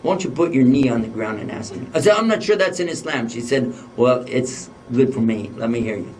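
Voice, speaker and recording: A man's voice: mid-range voice, lively intonation, fairly quick, a little mellow, far from the mic. A man giving a religious lecture, telling a humorous personal story and acting out the dialogue. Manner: humorous, anecdotal, acts out dialogue.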